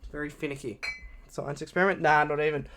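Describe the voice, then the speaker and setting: A young man chatting casually on a live stream, excited and swearing freely. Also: fairly high pitch, quick pace.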